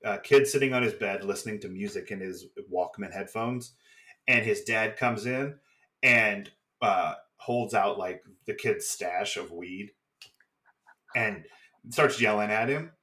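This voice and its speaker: A man's voice: on the low side, pushed and bright. Chatty, swearing male podcast co-host. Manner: swearing, chatty, acts out quick impressions. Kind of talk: casual chat recapping a TV episode.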